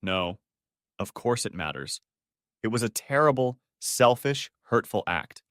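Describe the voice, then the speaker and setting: A man's voice: medium pitch, lively intonation, measured pace, a bit bright, no room sound, studio quality. A man voicing a tearful, guilt-ridden middle-aged wife who begs and sobs. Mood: desperate. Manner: pleading, sobbing.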